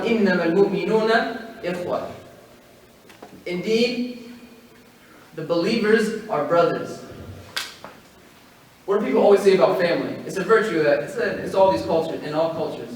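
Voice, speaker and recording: A man with a high voice gives a religious study-circle talk to a gathered audience. He recites Arabic verses and explains them in English, asking rhetorical questions as he numbers his points. He is picked up from a distance in a strongly reverberant hall, with faint noise behind him. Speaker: halaqa speaker.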